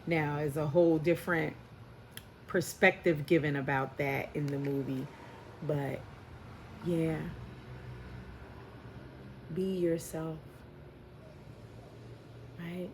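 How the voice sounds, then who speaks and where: A woman's voice: sits low, steady tone, slow pace, long pauses. A woman with a New York accent giving a heartfelt spiritual tarot reading to her viewers. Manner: heartfelt, preachy, addresses viewers as y'all and baby. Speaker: tarot reader. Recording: noisy home recording.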